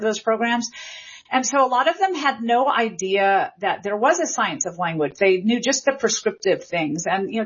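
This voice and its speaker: A woman linguist answering an interviewer with enthusiasm, explaining ideas clearly and speeding up when she gets excited. Her voice has a husky edge, and the audio is slightly muffled. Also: medium pitch. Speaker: linguistics professor and author, guest.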